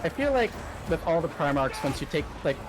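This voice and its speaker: A man chatting casually while streaming a game, relaxed and agreeable, often murmuring agreement. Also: fairly high pitch, fairly quick, noisy background. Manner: relaxed, many affirming murmurs. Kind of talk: casual gaming chat.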